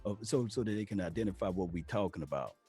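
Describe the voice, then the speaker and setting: A man co-hosting a casual sports talk show, drawn-out, repeating himself and agreeing a lot. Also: sits low, expressive, dark tone, breathy edge, soft background music.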